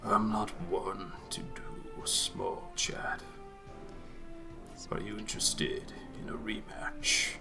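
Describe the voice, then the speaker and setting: A man voicing a grim undead male rider in a slow, dry, husky whisper with clipped sentences. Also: on the low side, fairly even intonation, music in the background. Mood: grim, menacing.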